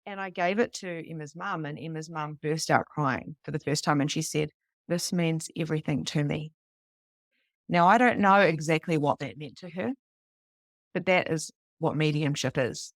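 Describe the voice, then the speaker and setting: Lively New woman, lowish voice. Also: a little fast, no room sound, studio quality. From New Zealand. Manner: animated, swearing freely, emphatic repetitions. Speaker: psychic medium teaching beginners. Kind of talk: casual storytelling talk to a live online group.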